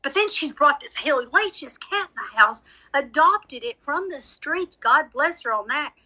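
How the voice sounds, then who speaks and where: Lady rambling on a phone live stream, high bright voice, calls everybody y'all. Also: lively intonation, measured pace, low-quality recording. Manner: chatty, dramatic, talks straight to viewers as y'all. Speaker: medium hosting a live stream. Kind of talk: casual live-stream chat.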